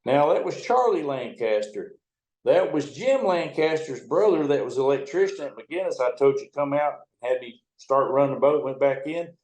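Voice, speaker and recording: A man's voice: mid-range voice, animated, moderate pace, a little mellow, reverberant, rough recording. A man in his seventies, a towboat captain, telling folksy, profane stories in an interview. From United States. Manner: folksy, profane yarn-spinning. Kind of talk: storytelling interview.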